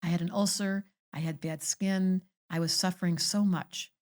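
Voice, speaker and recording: An older woman astrologer, a podcast guest telling animated, theatrical stories in casual conversation. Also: on the low side, normal speed. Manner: theatrical storytelling, acting out quoted voices.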